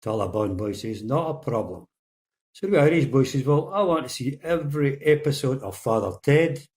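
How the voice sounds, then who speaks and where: A middle-aged man telling jokes to his audience like a regular at the bar. His delivery is loose and rambling, full of restarts, and his pitch sits in an ordinary middle range. He nudges his voice up or down for each punchline character. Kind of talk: casual joke-telling.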